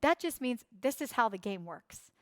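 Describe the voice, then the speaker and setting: A woman's voice: fairly high pitch, expressive, normal speed, fairly bright tone, dry recording. A young woman leading a coaching workshop, speaking emphatically, repeating key phrases and acting out the voices of others. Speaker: workshop instructor.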